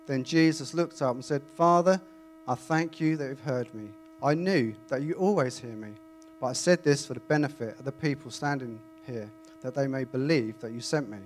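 A man reading scripture aloud and then preaching in a chatty, animated way to a congregation. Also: mid-range voice, brisk. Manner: conversational, animated, self-interrupting. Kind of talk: Bible reading and informal sermon. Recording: faint mains hum.

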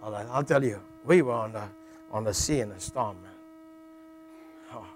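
A middle-aged man preaches a sermon in a jokey, conversational style, often checking in with "all right" and restarting his phrases. His voice sits on the low side, at a moderate pace.

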